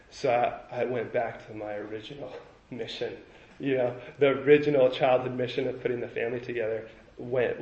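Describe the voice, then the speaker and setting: A young adult man telling his recovery story at a meeting, halting and reflective, often restarting his sentences. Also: mid-range voice. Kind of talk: personal recovery share. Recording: roomy, dull lo-fi recording.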